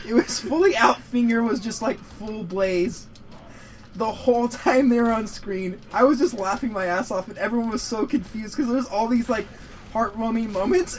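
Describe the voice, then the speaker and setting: Young male co-host, high voice, loose profane rambling chat over a light noise floor. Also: rough recording. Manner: rambling, profane, laughs often. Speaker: podcast co-host. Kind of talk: casual gaming chat.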